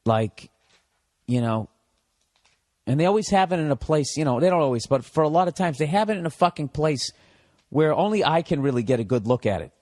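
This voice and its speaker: A man's voice: on the high side, lively intonation, a little fast, a little mellow, no echo, clean studio sound. A middle-aged man with a Boston accent ranting solo on his podcast, profane and sarcastic, asking and answering his own questions. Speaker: podcast host. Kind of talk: solo comedic rant.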